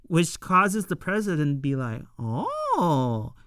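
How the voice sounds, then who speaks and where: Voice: medium pitch, slow pace, fairly bright tone, clear, resonant tone, dry recording, studio quality. A reviewer recapping a show episode in a loose, rambling way, full of fillers and casual paraphrase.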